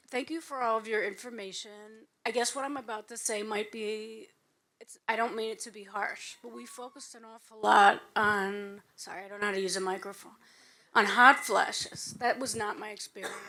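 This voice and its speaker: A woman's voice: mid-range voice, steady tone, bright, forceful tone. Emotional woman speaking from the audience. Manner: halting and emotional. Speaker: audience member. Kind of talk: audience comment at a live panel.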